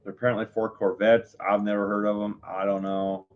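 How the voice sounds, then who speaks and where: A man's voice: on the low side, flat delivery, fairly quick, muffled recording. A man chatting casually on a live stream, rambling, full of fillers and self-corrections. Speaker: livestreamer.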